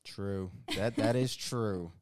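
A man's voice: lowish voice, slow, darkish tone, no echo, clean studio sound. A young man with a Denver Chicano accent, co-hosting a podcast in laid-back casual chat with profane asides. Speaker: podcast co-host.

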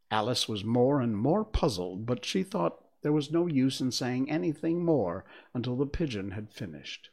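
A reader narrating a children's storybook in an expressive, lively way. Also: mid-range voice, normal speed, husky. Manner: expressive, slipped once on a word.

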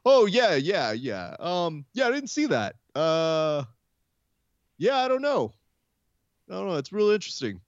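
A man's voice: high voice, wildly swooping pitch, measured pace, long pauses, no echo, lo-fi sound, pitched above the performer's own voice, exaggerated voice. A man doing an impression of an evasive male fight promoter who stalls with fillers and dodges questions.

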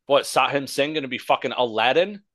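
A man's voice: mid-range voice, fairly quick, a bit bright, no room sound. A man co-hosting a casual wrestling podcast, ranting sarcastically and swearing constantly. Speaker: podcast co-host.

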